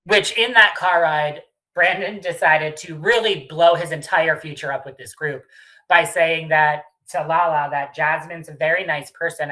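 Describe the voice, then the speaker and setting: Low, bright-voiced woman recapping reality TV. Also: poor audio. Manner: blunt, swears freely, animated asides. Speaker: podcast co-host. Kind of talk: casual recap chat.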